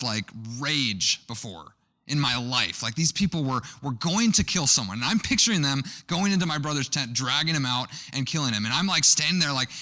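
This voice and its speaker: Bright-voiced young pastor telling a story. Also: male voice, on the high side. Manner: conversational, storytelling with many restarts. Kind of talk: sermon with personal story.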